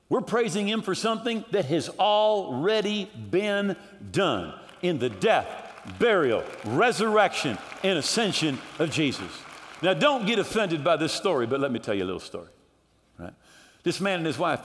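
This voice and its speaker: Fired up pastor guy preaching, voice swings all over, shouts sometimes. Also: high-pitched. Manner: fervent preaching, shouting at peaks. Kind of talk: sermon. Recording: echoey hall reverb.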